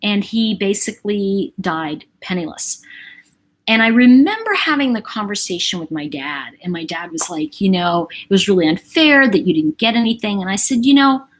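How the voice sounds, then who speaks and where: A woman's voice: mid-range voice, very animated, moderate pace. A middle-aged woman hosting a livestream, telling a long personal story in a chatty, rambling way with asides to her viewers. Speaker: livestream host.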